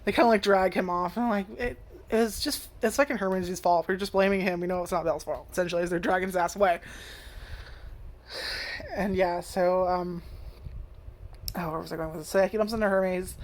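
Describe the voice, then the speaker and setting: A woman's voice: fairly low pitch, steady tone, normal speed, long pauses. A woman casually reviewing an anime, rambling with lots of "like" and swearing freely as she acts out character lines. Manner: lots of "like" and restarts.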